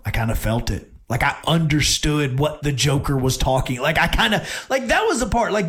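A man's voice: on the high side, a bit bright. An adult man hosting a sports talk show, telling a rambling story in a casual monologue with many restarts.

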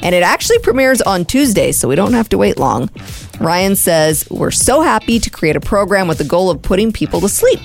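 A woman co-hosting a radio show, chatting casually and reading entertainment news briskly. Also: medium pitch, big pitch swings, gravelly, soft background music. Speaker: radio co-host.

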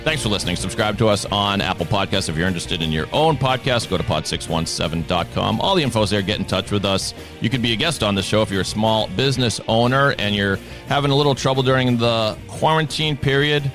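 A man's voice: fairly low pitch, fast, hardly any pauses, faint music behind. A man from Boston hosting a podcast, chatting casually and cracking jokes. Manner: jokey and animated, laughs often. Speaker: podcast host. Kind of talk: casual interview chat.

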